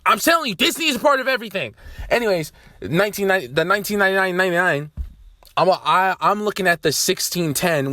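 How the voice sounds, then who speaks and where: A young man talking to camera in a loose, rambling way, swearing freely and breaking into loud outbursts. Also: on the high side, no room sound, clean studio sound. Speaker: vlogger. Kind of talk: casual rambling monologue.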